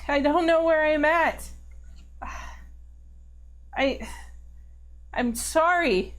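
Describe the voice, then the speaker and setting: A woman's voice: high voice, very slow, voice pushed up. A woman voicing a distressed young woman who calls out to a lost friend. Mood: pleading. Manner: pleading, raised and tearful.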